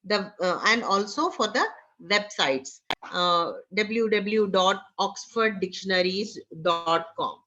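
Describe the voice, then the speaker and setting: A woman teaching an online class with an Indian English accent, talking haltingly with many fillers. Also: medium pitch, pushed and bright, slight background noise. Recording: dull lo-fi online class audio.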